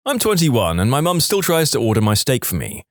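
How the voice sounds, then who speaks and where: A male podcast narrator reads internet stories aloud in an expressive, storytelling way. His pitch rises and falls a lot. The recording is dry and close, with no room sound. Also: brisk, dry recording.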